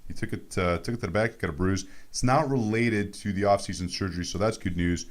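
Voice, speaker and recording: A man's voice: deep voice, brisk. A Canadian man hosting a fantasy sports radio show in a playful, casual chat full of goofy tangents.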